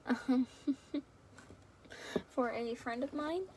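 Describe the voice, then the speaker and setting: A woman's voice: sits high, extremely slow, a little mellow, slight background noise. A young woman rambling and giggling affectionately as she chats casually to her viewers at home. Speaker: fan video creator.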